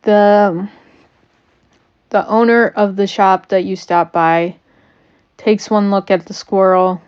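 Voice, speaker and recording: A woman's voice: mid-range voice, steady tone, slow, a little mellow, clear, resonant tone, lo-fi sound. A woman running a tabletop game on a stream who teases her players, laughs often and uses many fillers. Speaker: game master.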